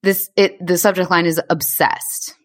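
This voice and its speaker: A woman's voice: lowish voice, flat delivery, measured pace. A woman co-hosting a podcast in casual chat, steadily steering the conversation. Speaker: podcast co-host.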